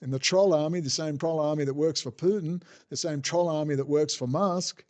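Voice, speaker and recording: Man, Australian accent, high-pitched, sarcastic, profane, exasperated rant, commentator. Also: brisk, a little mellow. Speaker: political commentator. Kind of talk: ranting monologue. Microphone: desk setup with bookshelf behind.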